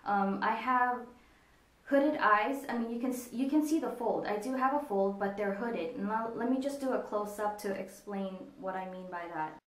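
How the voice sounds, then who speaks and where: Woman, makeup tutorial, step-by-step explaining, computer camera, echoey room, mid pitch. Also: normal speed. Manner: explains step by step while demonstrating on herself. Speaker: makeup vlogger. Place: indoors at a desk with a monitor. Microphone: computer camera in front of her.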